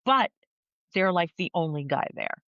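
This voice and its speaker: A woman co-hosting a podcast, chatty and animated, laughing easily. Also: lowish voice, a little slow, smooth, no room sound. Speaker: podcast co-host. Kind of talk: casual chat. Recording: dull, dry, slightly lo-fi.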